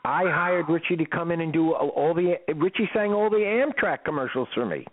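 A man's voice: a little high, a little fast, no room sound. Older man telling stories over a tinny line. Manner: animated, acts out quoted voices. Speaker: musician and songwriter guest. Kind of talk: casual storytelling in an interview. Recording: tinny phone-like line, dry.

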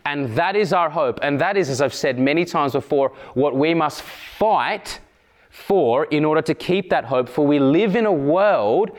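A man preaching a sermon in a church, earnest, slowing down on emphatic phrases. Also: on the high side, animated. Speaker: pastor.

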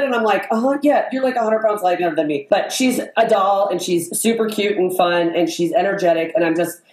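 A woman hosting a casual chat, telling stories in a bubbly, animated way with frequent laughter. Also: mid-range voice, fairly quick, hardly any pauses, roomy sound, poor audio. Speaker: podcast host.

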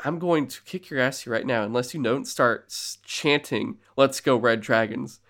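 A man's voice: mid-range voice, moderate pace, gravelly, fairly bright tone. Guy doing a blustery tough-guy coach.

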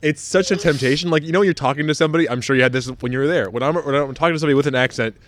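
A man's voice: a little high, very fast. A man hosting a casual podcast chat, joking and laughing often.

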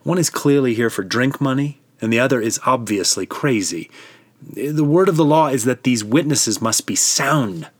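A man's voice: medium pitch, lively intonation, normal speed, pitched above the performer's own voice, close to an everyday voice. A man voicing a dismissive council member who scorns the witnesses. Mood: scornful. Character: skeptical male council member.

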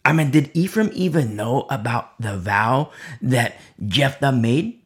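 A man preaching a verse-by-verse sermon who swings from loud emphasis to hushed whispers and repeats key phrases for weight. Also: medium pitch, animated, slow. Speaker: preacher leading a Bible study.

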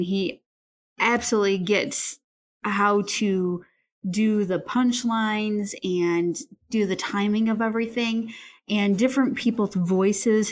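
Chatty woman telling stories with laughs. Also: medium pitch. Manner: animated storyteller, laughs often. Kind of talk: casual book discussion.

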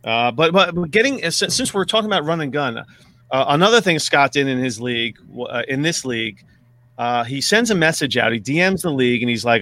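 A man's voice: mid-range voice, lively intonation, fairly quick, pushed and bright, no echo. A man hosting a casual fantasy football chat, rambling and self-deprecating, with many restarts and some swearing. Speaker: podcast host.

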